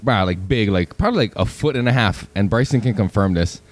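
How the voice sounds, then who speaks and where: A man's voice: on the low side, lively intonation, a little fast. A man hosting a casual weed podcast, telling a long story in a laid-back, profane way. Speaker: podcast host. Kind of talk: casual stoner chat.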